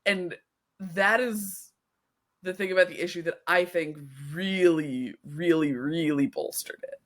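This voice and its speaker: A woman co-hosting a podcast in casual chat, stretching out her emphasis. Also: lowish voice. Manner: unhurried, drawn-out emphasis. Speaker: podcast co-host.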